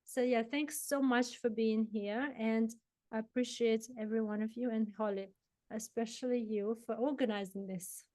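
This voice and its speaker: Gentle woman sleep coach, slightly high. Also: steady tone, moderate pace, dry recording. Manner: gentle, instructive, hesitant restarts. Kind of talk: guided relaxation talk.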